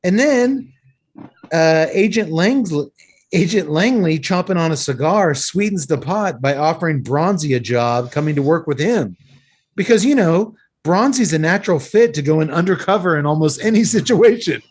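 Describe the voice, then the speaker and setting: A man hosting a podcast and recapping an action movie in lively, sweary casual chat, a little tipsy from several beers. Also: on the high side, normal speed, slightly rough. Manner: animated, sweary storytelling recap. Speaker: podcast host recapping a film.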